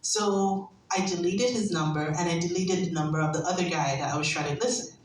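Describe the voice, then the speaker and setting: A young woman doing stand-up comedy, telling a brash, animated story and breaking into laughter. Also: fairly low pitch, fairly quick, recorded from a distance, a little hiss or hum. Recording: echoey room, heard from afar.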